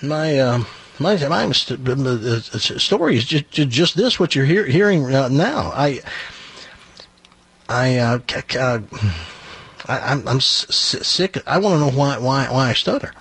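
A man's voice: mid-range voice, lively intonation, measured pace, a bit bright, breathy edge, full character voice. A man voicing a shy young man with a heavy stutter, in a joke told on radio. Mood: pleading. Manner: stammers and repeats words.

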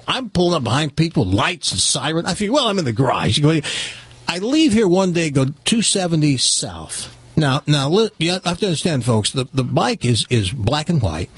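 Husky-voiced man spinning animated stories. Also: a little high. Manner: animated anecdote-telling, acting out dialogue. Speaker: guest telling stories. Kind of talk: casual storytelling.

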